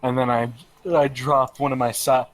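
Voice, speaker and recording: A man playing a tabletop game, speaking in a measured, polite way as his character. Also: mid-range voice, flat delivery. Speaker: player. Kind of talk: tabletop role-play.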